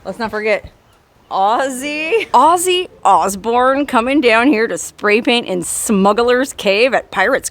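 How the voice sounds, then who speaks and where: Wry woman vlogging on a coastal trail. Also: fairly low pitch. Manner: wry, joking, self-mocking. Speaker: travel vlogger. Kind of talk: casual travel vlog narration. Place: outdoors on a coastal hiking trail.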